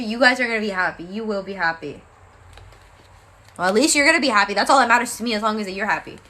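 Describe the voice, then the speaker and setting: Young female tarot reader, casual and chatty, bright voice, a bit weary. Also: fairly high pitch. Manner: casual, chatty, calls viewers babe. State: tired, yawning. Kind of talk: live-stream tarot reading.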